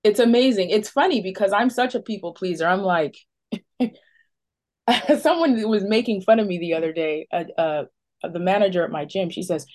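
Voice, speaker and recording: Brief: woman, 30s, recovery-meeting speaker, frank and self-deprecating, laughs at herself, mid pitch. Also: normal speed, darkish tone. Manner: candid, self-mocking, laughs often. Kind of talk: personal testimony.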